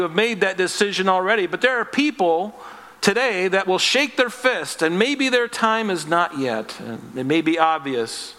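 A man's voice: sits high, sharp tone. A man preaching a sermon as pastor, earnest and conversational, acting out little voices as he tells the story. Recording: long reverb of a hall.

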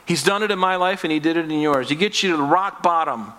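Fast and fairly high-pitched, this pastor's voice sounds pushed and bright as it echoes through a hall with long reverb. He preaches earnestly in a conversational way, doing small character voices within his story.

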